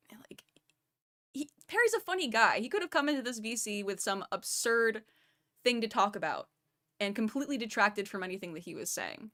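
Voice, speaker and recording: A woman's voice: mid-range voice, fairly bright tone. A woman streamer giving casual, analytical commentary on a voice chat clip and speaking straight to her chat. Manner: analytical, talks to chat directly.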